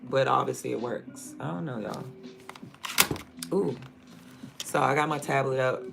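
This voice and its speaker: A man's voice: medium pitch, measured pace, gravelly, music in the background. A man from Prince George's County with a DMV accent, chatting casually on a livestream, rambling and thinking aloud as he trails off mid-sentence. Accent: DMV (Washington, D.C. area). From Prince George's County, Maryland. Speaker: streamer.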